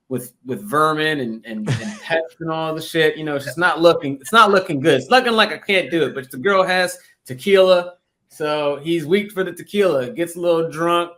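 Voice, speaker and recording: Male podcast co-host, slightly raised pitch, loose profane storyteller who stumbles and repeats words. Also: fairly bright tone. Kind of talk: comedic improvised storytelling.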